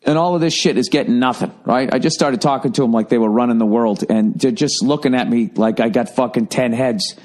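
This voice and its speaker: A man's voice: medium pitch, fairly quick, hardly any pauses, darkish tone. A man in his forties, a comedian hosting his podcast, telling a rambling, profane story in a sarcastic, casual monologue. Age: 40s.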